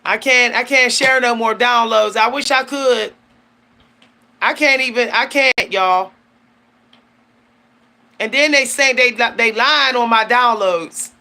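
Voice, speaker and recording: A woman's voice: fairly high pitch, takes it slowly, vocal fry, pauses often, bright, forceful tone. A woman hosting her channel, talking casually and emphatically about spiritual matters, slangy and laughing often. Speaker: channel host. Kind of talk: casual spiritual talk to camera.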